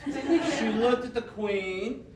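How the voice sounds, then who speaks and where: A woman performing an interactive children's story in a theater, playful and animated, talking directly to the kids. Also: fairly high pitch, drawn-out words, far from the mic. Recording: echoey theater from afar, noisy.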